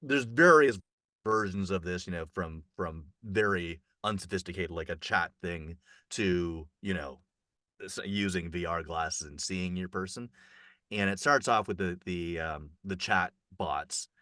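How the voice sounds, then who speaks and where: A talkative man gives a casual festival report in a bright, forceful voice that sits fairly low but jumps in pitch when he gets excited. He rambles unhurriedly with lots of fillers and restarts, recorded close and dry.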